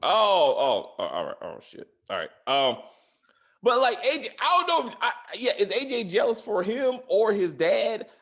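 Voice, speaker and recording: A man's voice: sits high, wildly swooping pitch, normal speed, fairly bright tone. A man hosting a casual spoiler review of a TV series, ranting with exasperated, profane commentary. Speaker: podcast host reviewing a TV series.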